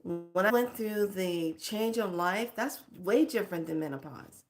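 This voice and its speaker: A woman's voice: lowish voice, a little slow, soft background music. A middle-aged woman giving a casual spiritual pep talk as a teacher, speaking frankly and expressively and laughing often.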